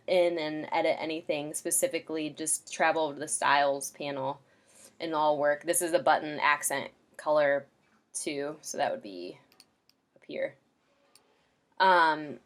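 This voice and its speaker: A woman casually walking a client through website templates in a screen-share tutorial, chatty and loose with lots of ums and likes. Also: deep voice.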